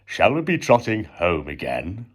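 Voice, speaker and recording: A man doing a terse, gruff carpenter. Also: unhurried, full character voice. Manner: terse and low, flat asides. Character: gruff, laconic, hungry male carpenter.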